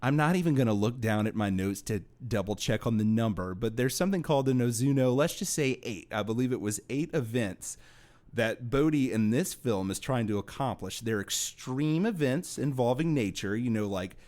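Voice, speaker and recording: A man's voice: medium pitch, animated, normal speed, darkish tone. A man co-hosting a movie podcast, riffing sarcastically in casual chat. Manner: wry, sarcastic storytelling with mock impressions. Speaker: podcast co-host.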